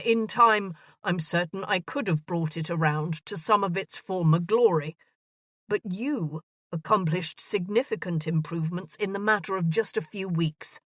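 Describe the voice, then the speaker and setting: A woman voicing an earnest, bumbling gentleman of thirty proposing marriage in a romance audiobook. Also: lowish voice, dry recording, clean studio sound, lightly acted.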